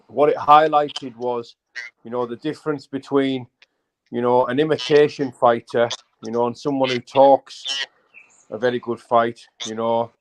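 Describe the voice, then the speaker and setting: A man, a bare-knuckle fighter calling in from bed, chatting easily and filling his talk with "mate" and "you know". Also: mid-range voice. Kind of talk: casual chat. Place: at home, lying in bed. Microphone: phone.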